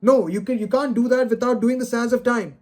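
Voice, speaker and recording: Extremely high in pitch, with fairly even intonation and a brisk pace, a male video creator launches into an unscripted solo rant on camera. Dejected, frustrated and exasperated, he sighs and stammers on repeated words.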